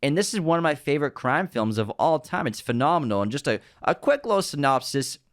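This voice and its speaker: Man, film podcast co-host, smooth clear voice, dry close mic, eager fact-listing. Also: a little high, big pitch swings, dry recording. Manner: enthusiastic, reads background facts in rapid lists. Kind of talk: casual film discussion podcast.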